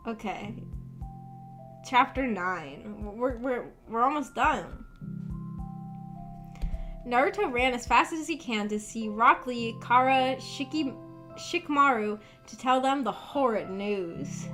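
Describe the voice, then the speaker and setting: A woman's voice: on the high side, takes it slowly, fairly bright tone, faint music behind. Amused woman reading a fanfic aloud. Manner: amused, laughs often. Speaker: streamer. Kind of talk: dramatic reading with comic asides.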